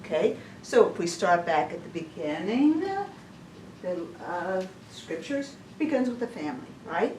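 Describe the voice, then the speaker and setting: Her voice is on the low side and very animated, delivered at a measured pace. At a church women's session she shares a casual testimony, chatty and laughing a lot, with frequent stumbling restarts, captured by a distant mic in a noisy, echoing church hall.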